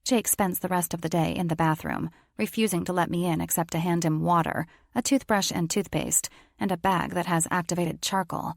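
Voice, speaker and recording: Wry woman narrating a romance, gravelly tone. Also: fairly low pitch, fairly even intonation, a little fast, few pauses, dry recording, studio quality. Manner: wry, confiding inner voice. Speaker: audiobook narrator. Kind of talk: first-person romance audiobook narration.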